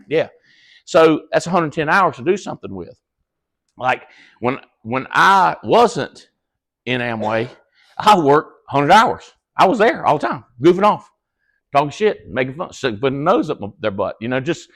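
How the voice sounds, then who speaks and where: A man with a drawl talks to his team in a loose, folksy way, blunt and quick to curse or laugh. His voice sits a bit high and carries a gravelly, fry-heavy edge. It sounds like a casual motivational talk. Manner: animated storyteller, acts out quoted dialogue in high excited voices. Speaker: business leader speaking to his team. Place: cabin event room with a live audience.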